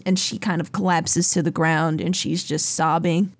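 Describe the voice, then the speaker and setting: A woman game master narrating a tabletop game in an unhurried, descriptive way with many fillers. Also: on the low side, flat delivery, gravelly, no echo.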